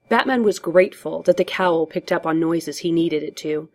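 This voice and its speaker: A woman reads a story aloud, steady and measured. Her voice sits on the low side and keeps an even pace. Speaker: narrator. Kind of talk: audiobook narration.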